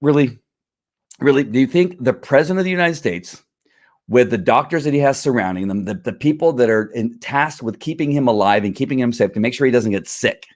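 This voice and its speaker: A man's voice: medium pitch, lively intonation, a little fast, darkish tone. A man hosting a live opinion stream, talking in a fired-up, rambling way, often restarting his sentences and answering comments from viewers. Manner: fired-up, talks back to critics, many restarts. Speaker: livestream host. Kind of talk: casual opinion livestream.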